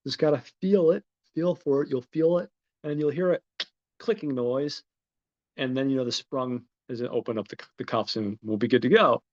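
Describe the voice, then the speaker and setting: A man's voice: mid-range voice, normal speed, lo-fi sound, pitched above the performer's own voice, lightly acted. A man voicing a determined young captive boyfriend, urgent and coaxing, close to his own voice.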